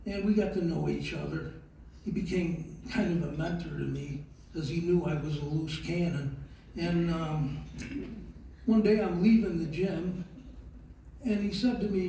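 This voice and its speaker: An older man, speaking slowly and haltingly with many fillers as he tells a heartfelt personal story in an award speech. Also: on the high side, warm tone, a little hiss or hum. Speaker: award recipient giving a speech. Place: large event hall. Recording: very echoey hall, voice from far off.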